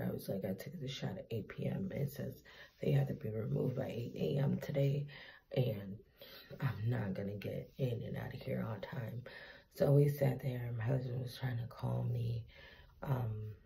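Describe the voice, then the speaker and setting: A woman's voice: rumbling low, vocal fry. A tired, teary woman telling a candid, profane story to her camera in a casual vlog. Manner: candid, profane, animated retelling. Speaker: vlogger.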